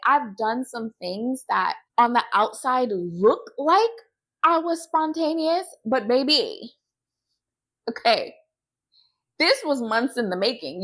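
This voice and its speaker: A woman with a fairly high voice that swoops up and down as she talks. She takes her time and lingers on words, then hammers each point home with "okay?". She speaks straight to her viewers in a casual, animated chat. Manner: animated, emphatic, keeps adding "okay?"; addresses viewers directly as "y'all". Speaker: host reviewing a TV show.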